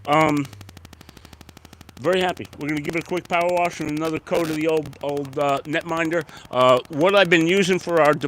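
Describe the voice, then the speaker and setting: A man's voice: a little high, noisy background. A man hosting a casual live stream about his oyster farm, talking in an exuberant, rambling way with many restarts.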